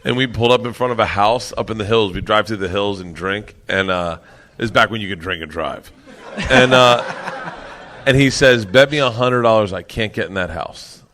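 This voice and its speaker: A male comedian telling a story on a panel, excited, laughing often and swearing loudly. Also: fairly low pitch, normal speed. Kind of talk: animated storytelling. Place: live comedy club with audience.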